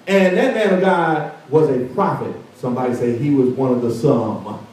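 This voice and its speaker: Preaching pastor in an echoey church. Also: male voice, medium pitch, moderate pace, darkish tone. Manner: preaches with rising fervor, acting out the story's characters. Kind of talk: sermon. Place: church sanctuary. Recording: distant mic in a very echoey church.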